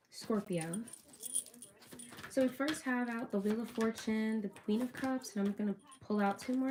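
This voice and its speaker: A woman's voice: mid-range voice, darkish tone, slight background noise. A young woman casually chatting to her viewers while doing a tarot reading, upbeat and talkative. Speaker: tarot reader.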